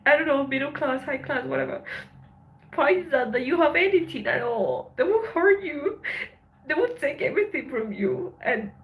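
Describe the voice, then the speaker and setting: A woman hosting a livestream, talking in a halting, emotional way with lots of swearing and a voice that breaks with tears. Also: high-pitched, expressive, fairly bright tone, poor audio. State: tearful. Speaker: livestream host. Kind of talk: emotional casual livestream chat.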